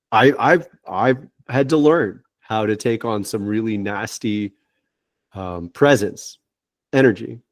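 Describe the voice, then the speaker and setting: Halting, reassuring man on a video call. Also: fairly low pitch, a little mellow, no room sound, clean studio sound. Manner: reassuring, halting with frequent restarts. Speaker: spiritual guide giving readings. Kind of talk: gentle spiritual counseling over a video call.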